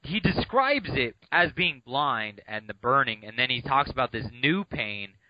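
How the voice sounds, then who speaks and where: A laid-back man co-hosting a casual book podcast, often answering in a few words. His voice has an ordinary middle pitch. The audio is dry and dull, with no room sound. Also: animated, unhurried, no echo. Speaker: podcast co-host.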